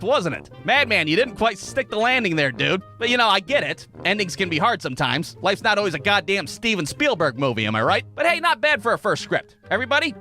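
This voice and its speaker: A man's voice: sits high, bright, forceful tone. A man narrating a comedic story, sarcastic and mock-exasperated, swearing freely.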